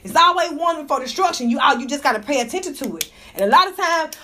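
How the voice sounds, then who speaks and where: A woman with a very high, piercing voice rants through a casual gossip livestream. She swears freely and laughs often, and her sharp, bright tone comes straight through a phone mic indoors. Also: lively intonation, fast talker, slight background noise. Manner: profane, fired-up ranting, laughs often. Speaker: livestream host.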